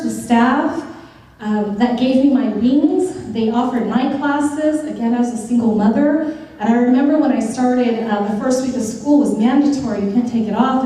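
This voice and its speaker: A middle-aged woman with a fairly high, mellow voice delivers a grateful speech at a ceremony. She sounds heartfelt, with touches of humor in her stories. The sound is roomy and distant, with a long echo from a big hall. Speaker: newly appointed judge giving a thank-you speech. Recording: echoey hall, picked up from afar.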